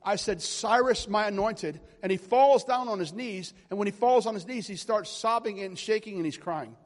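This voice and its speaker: A man in his forties preaching a charismatic sermon, telling stories and building to loud exhortation. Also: sits high, normal speed, long reverb tail.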